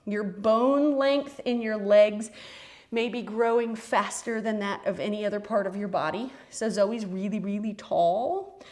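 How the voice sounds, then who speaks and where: A woman's voice: mid-range voice, a little slow, darkish tone. A middle-aged woman teaching a playful, encouraging yoga class for kids, calling out each movement. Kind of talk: kids' yoga class instruction.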